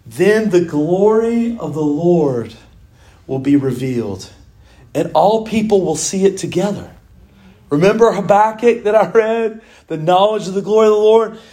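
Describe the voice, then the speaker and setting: A man, preaching an animated sermon in church as the pastor, telling stories and reading scripture. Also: high-pitched, measured pace. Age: 40s. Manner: animated storytelling preaching, mimics owl calls.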